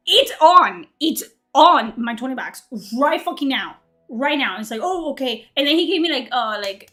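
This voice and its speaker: A woman in her late twenties telling a story as a heated, profane rant, acting out both sides of an argument. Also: high voice. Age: late 20s. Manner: heated, profane, animated retelling. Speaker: streamer.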